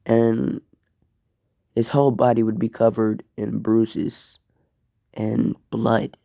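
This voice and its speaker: Young man, fan story narration, slow drawl, gravelly, casual and profane. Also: fairly low pitch, level tone, no room sound, muffled recording. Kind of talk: improvised fan-fiction narration.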